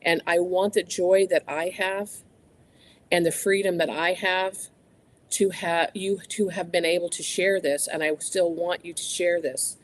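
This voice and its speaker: A co-presenter speaking haltingly and from the heart, near tears. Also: mid-range voice, fairly even intonation. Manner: halting and heartfelt, many ums and restarts.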